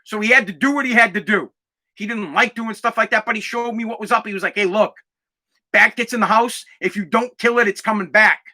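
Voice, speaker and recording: A man's voice: high-pitched, brisk, bright, forceful tone. A young man hosting a podcast, telling stories in a brash, profane, emphatic way. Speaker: podcast host. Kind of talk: casual storytelling chat.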